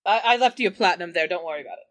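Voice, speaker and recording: A woman player in a tabletop game whose voice moves lively up and down. She talks quickly and playfully, close on a dry mic. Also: on the low side, no room sound. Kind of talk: casual tabletop game chat.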